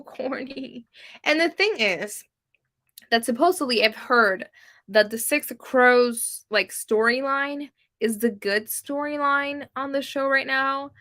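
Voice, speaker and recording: A woman's voice: a little high, pushed and bright. A young woman whose first language is Spanish, chatting casually on a livestream, giggly and self-deprecating with lots of ums and likes. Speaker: booktube livestream host. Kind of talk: casual live-stream chat reading comments.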